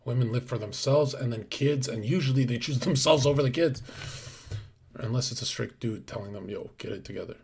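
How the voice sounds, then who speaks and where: Husky-voiced male streamer, brash casual chat with sudden hushed asides. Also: medium pitch, brisk. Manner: brash, crude, drops into hushed whispers. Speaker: streamer host. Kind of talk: casual livestream talk.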